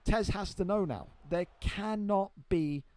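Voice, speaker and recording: Excitable man commentating a game fight. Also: high-pitched, a little slow. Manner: excitable, swears freely, banters with friends. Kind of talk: live play-by-play game commentary.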